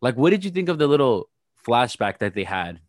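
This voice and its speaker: A man's voice: medium pitch, very animated, a little fast, no echo, clean studio sound. A man co-hosting a casual podcast, recapping a reality show with blunt, gossipy commentary. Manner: gossipy, blunt, playfully shady. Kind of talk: casual chat.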